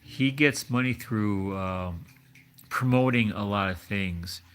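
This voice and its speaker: A man's voice: fairly low pitch, takes it slowly, fairly bright tone, clear, resonant tone. A man hosting a livestream, chatting casually in a rambling, hesitant way with many restarts. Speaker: livestream host. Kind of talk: casual chat.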